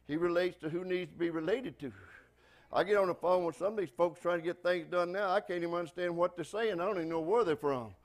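A pastor with a Southern US accent from Texas, preaching a folksy, emphatic sermon with frequent praise-God interjections. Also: male voice, sits high, fast.

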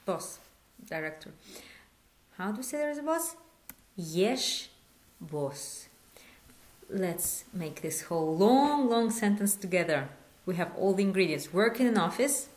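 A woman teaching a Hebrew lesson in English, patient, repeating words slowly and asking questions. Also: mid-range voice, very animated, darkish tone. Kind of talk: online language lesson.

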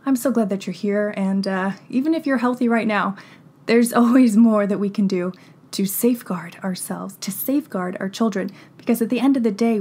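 A woman's voice: medium pitch, husky. A woman hosting a podcast, speaking earnestly and directly to her listeners before welcoming a guest. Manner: earnest, warm-hearted direct address to listeners. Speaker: podcast host. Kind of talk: podcast intro and interview.

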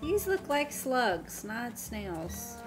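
A woman's voice: a little high, big pitch swings, extremely slow. A woman streaming a game live, playful and giggly, exclaiming as she plays. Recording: game music behind voice.

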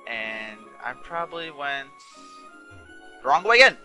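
A man with a very bright, forward voice talks over a video game, chatty and rambling, often restarting his sentences. He sounds a little tired, with game music faint behind him. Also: mid-range voice, sing-song, measured pace. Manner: rambling, self-correcting, chatty. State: yawning, a bit tired. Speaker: let's play host. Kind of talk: casual gameplay commentary.

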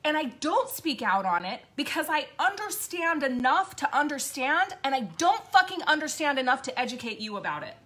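A woman's voice: sits high, very animated, moderate pace, few pauses, fairly bright tone. A woman host giving an impassioned, blunt monologue, swearing often and repeating points for emphasis. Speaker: podcast host.

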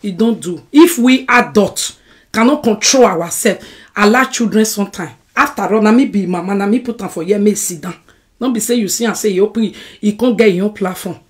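A woman with a Nigerian accent hosts a casual live stream from home, answering viewers' comments in an animated, argumentative way. Her voice is medium-pitched and a little fast.

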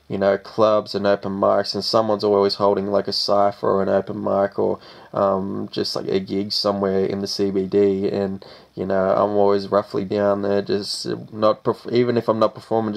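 A man's voice: fairly low pitch, creaky, a little mellow, lo-fi sound. A young Australian man, a rapper, answering interview questions in a casual, laid-back way and saying "man" after most phrases.

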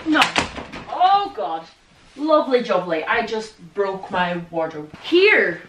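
A teenage Irish girl from Donegal talks straight to camera in a chatty, jokey way, quick to laugh. Her voice sits in a middle pitch, and the bedroom around her gives it a noticeable echo. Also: noisy background. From Ireland. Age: teens. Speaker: vlogger. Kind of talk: casual chat to camera.

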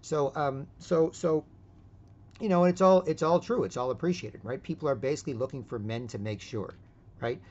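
A man with a somewhat high, slightly mellow voice speaks at normal speed while hosting an online voice chat. He rants loosely and casually, tagging his lines with "right?" over and over. The audio is dull and lo-fi.

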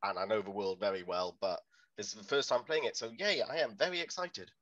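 Bright-voiced man as game master. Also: fairly low pitch, fairly quick, lo-fi sound. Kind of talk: tabletop game stream chat.

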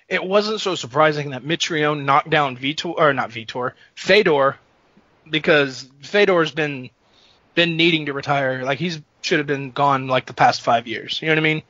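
Bright, animated man on a podcast. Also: on the high side, moderate pace, dry recording. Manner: animated, laughing often, jokey. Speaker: podcast co-host. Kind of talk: casual sports chat. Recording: dull lo-fi dry sound.

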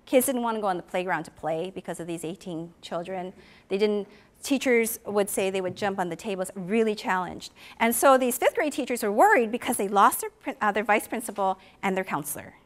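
A woman giving a conference talk who tells a story, asks the audience questions and acts out the people she quotes. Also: a little high. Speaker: conference presenter for an animal welfare education program.

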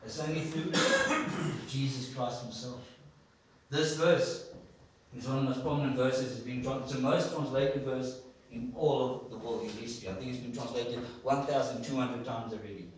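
A man's voice: medium pitch, lively intonation, moderate pace, a little hiss or hum. A man preaching a sermon in a church, telling stories and asking the congregation questions. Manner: storytelling, asks the congregation questions. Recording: echoey church hall from far off.

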